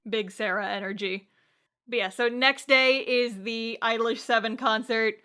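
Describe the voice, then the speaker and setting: A woman co-hosting a casual podcast, recapping an anime with lots of energy. Her voice sits a little high, and she swears freely and laughs often. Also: moderate pace, clean tone. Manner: animated, profane, laughs often. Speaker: podcast co-host.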